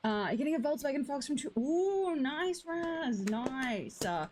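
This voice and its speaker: Young woman, game streamer, bright-pitched and animated, chatty and affectionate. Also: a little slow, low-quality recording. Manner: chatty and affectionate, greets viewers as "lovely" and "darling". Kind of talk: casual live-stream chat.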